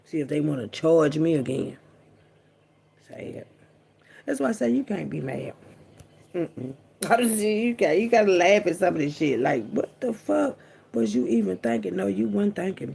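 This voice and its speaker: Gravelly-voiced woman ranting casually. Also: lowish voice. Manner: profane, animated, drawn-out emphasis, frequent asides. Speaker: vlogger. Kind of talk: casual rambling monologue to camera.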